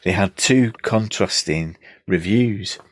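Male podcast co-host, very low voice, dry close sound, casual film talk. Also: slow pace, dry recording. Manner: reads review excerpts aloud, thoughtful.

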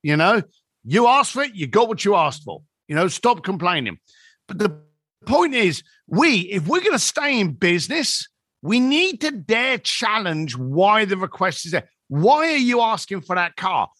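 A man in his fifties tells stories as a podcast guest, his voice sitting high and bright. He swings his pitch widely, acting out each quoted line. The sound is close and dry. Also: measured pace, no room sound. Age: 50s. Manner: animated storyteller acting out quoted dialogue. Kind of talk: storytelling in a podcast conversation.

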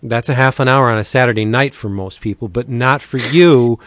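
Dry-miked man doing a playful pitch. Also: moderate pace, fairly bright tone, dry recording. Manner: playful pitchman reading deals. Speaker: podcast host. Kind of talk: casual podcast chat with ad reads.

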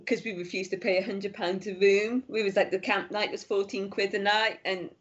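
A woman's voice: medium pitch, steady tone, moderate pace. A woman sharing breezy anecdotes as a podcast guest, peppered with "like" and mimicked quotes. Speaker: guest author. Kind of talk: casual chat. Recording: muffled lo-fi sound.

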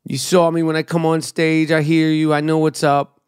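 A man's voice: fairly high pitch, flat delivery, normal speed, clear, resonant tone, no room sound, studio quality. A middle-aged man with a New York accent, hosting his own podcast in a brash, profane, riffing monologue. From New York City. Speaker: podcast host and comedian.

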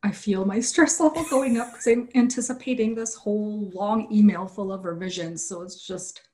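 A woman who illustrates children's books, answering interview questions in a candid, relaxed way. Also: medium pitch, moderate pace, a little hiss or hum.

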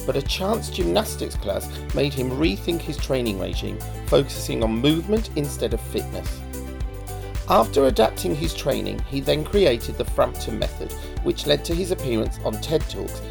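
A man's voice: medium pitch, vocal fry. A man in his forties with a Birmingham accent, hosting a podcast interview in a chatty, easygoing way with plenty of laughs. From Birmingham, England. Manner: chatty, laughs easily, drawn-out fillers. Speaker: podcast host. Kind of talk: casual interview.

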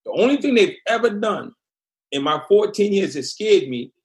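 A man's voice: high voice, lively intonation, moderate pace. A man from Massachusetts, a former prisoner, telling his story bluntly in an interview.

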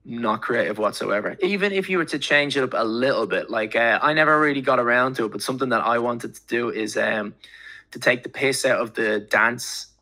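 Bright-voiced rambling man. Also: medium pitch, fairly quick. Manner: rambling, filler-heavy, swears casually. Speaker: podcast guest. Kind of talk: casual chat.

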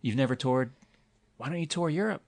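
A man in his thirties hosting a podcast, chatting casually and teasing his guest with animated questions. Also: mid-range voice, fairly quick, vocal fry. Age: 30s. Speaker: podcast host, comedian.

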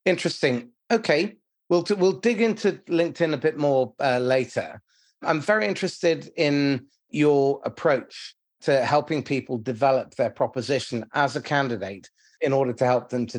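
Measured male interviewer, husky voice, mid pitch. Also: a little mellow. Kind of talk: interview questions.

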